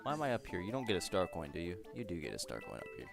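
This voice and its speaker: A man's voice: low-pitched, wildly swooping pitch, very fast, gravelly. A man streaming a video game live, chatting in a rambling, self-mocking and jokey way. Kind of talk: live gameplay commentary. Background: faint game music.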